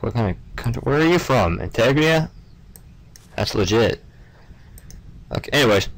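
A man's voice: lowish voice, poor audio. A young man giving casual gameplay commentary, stumbling over names and muttering offhand asides. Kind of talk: casual let's-play commentary.

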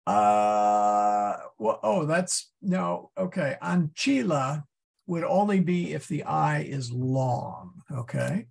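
A man teaching a Latin class, explaining step by step and thinking aloud with many pauses and fillers. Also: mid-range voice, animated, creaky, a little mellow. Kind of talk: classroom lesson.

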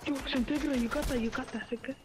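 A woman's voice: high-pitched, fairly even intonation, fast. Flustered woman teammate, game noise. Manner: repeats pleas and orders, flustered. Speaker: squad teammate. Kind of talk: casual gaming chat.

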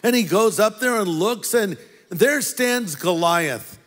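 A man's voice: high-pitched, lively intonation, takes it slowly, fairly bright tone. A man preaching a sermon as pastor, telling a story with playful asides to the congregation. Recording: long hall reverb.

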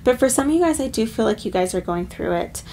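Female tarot reader, higher voice with gravelly fry, chatty and emotional. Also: expressive, fast, warm tone, a little hiss or hum. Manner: chatty, filler-heavy, emotional. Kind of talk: casual pick-a-card tarot reading.

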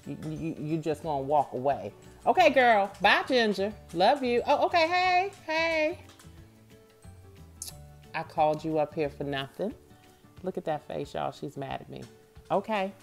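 A woman with a notably low voice talks easily to her viewers from home, as if they were friends. She keeps it casual and chatty while she shows items off camera, with soft music playing faintly behind her. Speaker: vlogger.

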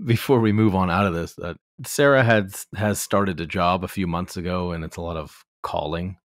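Deep-voiced, wry podcast host man. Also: moderate pace, dry recording, clean studio sound. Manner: wry, anecdotal, teasing. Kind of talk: casual chat.

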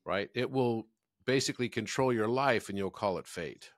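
A man hosts a podcast conversation in a reflective, measured manner. His voice sits a little low, and it is recorded dry and close with no room sound. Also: no echo. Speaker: podcast host.

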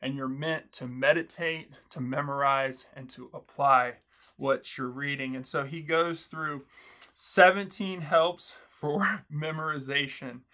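Young man, earnest teacher, bright forceful voice, slightly high. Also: steady tone, slow. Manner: earnest, encouraging, quotes the author often. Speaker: Bible study teacher. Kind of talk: video book overview, teaching.

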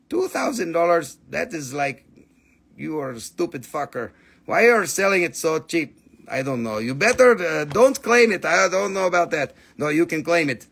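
Male live-stream host, high gravelly voice, crude jokey sales patter in broken English. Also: fairly bright tone. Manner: joking, rowdy, swears freely; broken, non-native English grammar.

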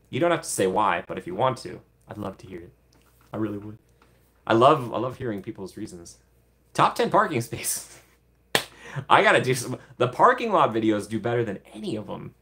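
A man's voice: fairly low pitch, a bit bright. A young man casually hosting a livestream, chatty, laughing often and gushing thanks to his viewers. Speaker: livestream host.

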